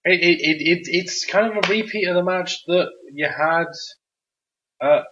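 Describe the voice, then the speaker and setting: A man co-hosting a casual wrestling chat, animated, swearing and often bursting into loud impressions of wrestlers. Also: sits high, unhurried. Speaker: podcast co-host. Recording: dull lo-fi sound.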